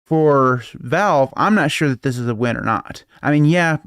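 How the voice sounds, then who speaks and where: With a medium-pitched, slightly bright voice at a moderate pace, a man co-hosts a rambling tech podcast, chuckling often between points. The sound is clean studio audio with no room echo.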